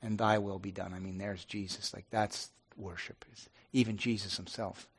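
A middle-aged pastor speaking earnestly and haltingly to his congregation, with many restarts. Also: lowish voice, little pitch movement, slightly rough. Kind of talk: informal devotional talk to a congregation.

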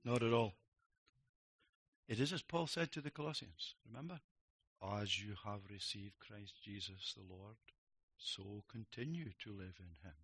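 Brief: middle-aged male preacher, bright tone, emphatic sermon delivery with swings from loud to hushed. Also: fairly low pitch, a little slow, breathy edge. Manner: emphatic, rising to loud declarations, dropping to quiet reflective lines.

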